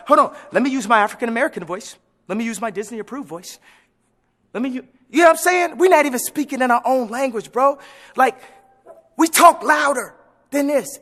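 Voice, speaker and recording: High, bright-voiced man, preachy and emphatic. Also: long reverb tail. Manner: emphatic, preachy, swings between loud outbursts and quiet musing. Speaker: interview guest. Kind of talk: animated interview answers.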